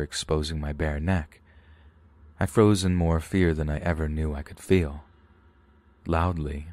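A man reading a first-person scary story as a narrator, grave and steady. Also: rumbling low, no room sound. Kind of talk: scripted horror story narration.

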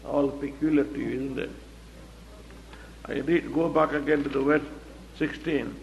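A man's voice: a little high, little pitch movement, normal speed, creaky, a little hiss or hum. A man teaching the Bible verse by verse, explaining it plainly and asking rhetorical questions. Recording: echoey hall, dull lo-fi recording.

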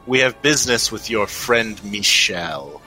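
A formal, swaggering pirate first mate, a woman that a man acts out in a tabletop game. She speaks courteously in a low, bright voice, with faint music behind. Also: expressive, measured pace, full character voice, rough recording.

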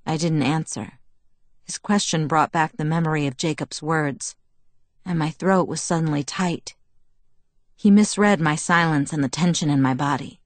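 Female audiobook narrator, lowish voice, intimate first-person read, dry booth sound. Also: moderate pace, dry recording. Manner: even, intimate storytelling.

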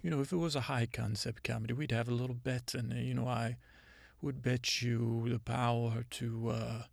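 A man's creaky, mid-range voice, free of room sound, carries an improvised comedy bit. He portrays a female Mother Nature spirit, self-important and rambling, whose storytelling is deadpan and halting.

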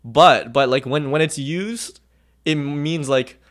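A man's voice: on the high side, takes it slowly, a bit bright. A man co-hosting a podcast, explaining a phrase in casual chat, full of "like"s and restarts. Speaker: podcast co-host.

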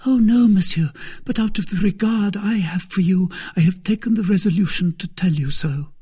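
A man voicing a timid, secretive young maidservant, speaking in a breathy, hushed near-whisper. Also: high voice, moderate pace, pitched above the performer's own voice. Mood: earnest. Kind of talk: audiobook character voice.

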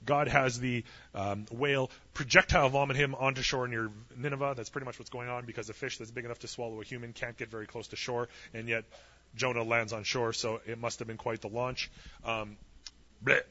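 Bright, husky-voiced man preaching. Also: medium pitch, fairly even intonation, fairly quick, lo-fi sound. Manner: storytelling, humorous asides, acts out quoted voices. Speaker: pastor. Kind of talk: sermon.

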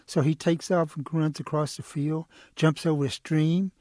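A man telling a traditional animal story the way he tells it to schoolchildren, relaxed and animated. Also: on the high side, moderate pace, hardly any pauses. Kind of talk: oral folk storytelling.

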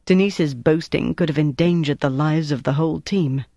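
A man reading a novel aloud as narrator, in a steady, even way. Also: on the high side, moderate pace, vocal fry, no echo, studio quality. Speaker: audiobook narrator. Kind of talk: scripted narration.

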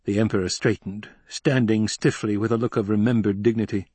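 A man narrating an audiobook in a steady, scripted reading. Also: lowish voice, brisk, few pauses, slightly rough, no echo.

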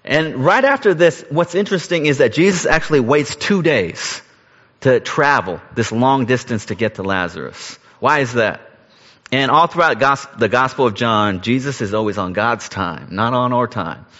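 A man's voice: medium pitch, lively intonation, moderate pace. Male pastor, earnest sermon delivery, muffled recording in a big reverberant room. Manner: earnest, rises to emphasis then drops soft.

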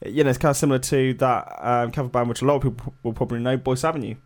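Rapid-fire and fairly even in intonation, a man with a medium-pitched, darkish voice co-hosts a laid-back music podcast. He meanders through casual chat, hedging and using lots of fillers.

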